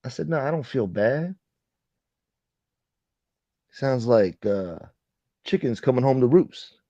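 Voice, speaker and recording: A man's voice: medium pitch, expressive, slow, warm tone, no room sound, highs cut off. A man hosting a casual late-night livestream chat, rambling and swearing as he reads and answers viewer comments. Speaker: livestream host.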